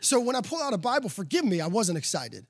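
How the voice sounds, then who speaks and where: High-voiced animated preacher man. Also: fast talker. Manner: animated storytelling with laughs, building to emphatic calls. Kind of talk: sermon with a personal story.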